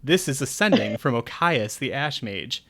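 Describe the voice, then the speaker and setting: A man's voice: mid-range voice, normal speed, fairly bright tone. A man narrating as game master in a casual, swearing, laughing tabletop game session.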